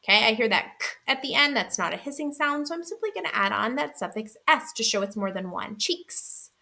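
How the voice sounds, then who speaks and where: Bright-voiced woman teaching phonics rules. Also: a little high, animated. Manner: clear, patient, checks in with "right?"; sounds out speech sounds slowly and deliberately. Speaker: literacy teacher trainer. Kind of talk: instructional slideshow lesson.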